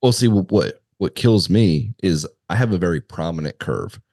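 A man guesting on a casual adult podcast, talking in an easygoing, halting way with lots of fillers. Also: low voice, lively intonation, mellow, dry recording, studio quality.

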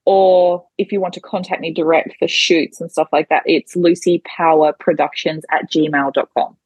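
A woman's voice: sits low, fairly even intonation, normal speed, breathy edge, dry recording. An Australian woman chatting casually as a podcast guest, giggly and a bit self-deprecating. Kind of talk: casual interview chat.

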